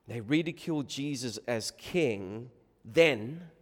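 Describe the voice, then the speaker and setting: A man preaching a sermon, moving between hushed reflection and loud, emphatic proclamation. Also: mid-range voice, unhurried. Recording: long reverb of a large hall.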